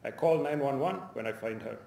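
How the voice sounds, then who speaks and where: A man's voice: mid-range voice, fairly quick, vocal fry, close to an everyday voice. A man reading as a cool, aloof professor. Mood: calm. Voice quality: clipped, broken English phrasing. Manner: calm, dismissive. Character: composed, aloof male professor suspect. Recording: roomy lecture hall echo.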